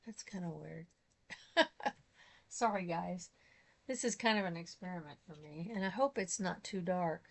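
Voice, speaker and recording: A woman's voice: fairly low pitch, unhurried, vocal fry, long pauses. A middle-aged woman chatting casually as she works on a craft project, rambling and laughing often. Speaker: craft vlogger.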